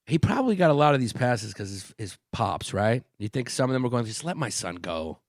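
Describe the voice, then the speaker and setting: A man co-hosting a podcast, chatting in an animated, joking way full of fillers. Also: medium pitch, brisk, no echo, studio quality. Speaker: podcast co-host. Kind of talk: casual crude podcast chat.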